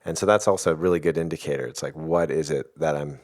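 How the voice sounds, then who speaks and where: A middle-aged man in a podcast conversation, explaining ideas in a thoughtful, rambling way with soft laughs. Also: extremely low pitch, fast. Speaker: podcast host and guest expert.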